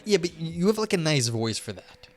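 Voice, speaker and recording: A man's voice: on the high side, big pitch swings, a little fast, soft background music. A man streaming live, reading a philosophy paper aloud and chatting with his viewers in a loose, self-deprecating way.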